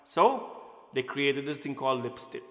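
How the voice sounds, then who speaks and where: Unhurried and lively in intonation, this man's mid-range voice is bright and forceful. He gives a playful, informal satsang talk in a temple hall, often putting questions to his audience, with roomy hall echo around him.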